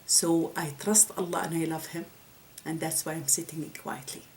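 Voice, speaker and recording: A woman voicing a steady, trusting husband speaking quietly in a spoken story. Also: low-pitched, distant mic, natural voice, poor audio. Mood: calm. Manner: quiet, unhurried. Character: calm trusting husband, adult man, steady.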